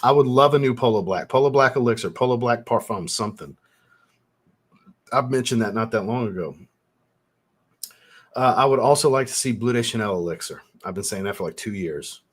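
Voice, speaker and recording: A fragrance reviewer hosting his own channel's livestream chats loosely with viewers, relaxed, cursing freely and laughing often. His medium-pitched voice moves a little fast, broken up by long pauses.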